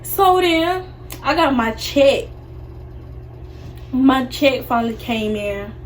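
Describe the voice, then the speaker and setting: Chatty young woman, slightly high voice. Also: expressive, slow pace, slight background noise. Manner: chatty, acts out quoted people. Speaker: vlogger. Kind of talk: casual storytime.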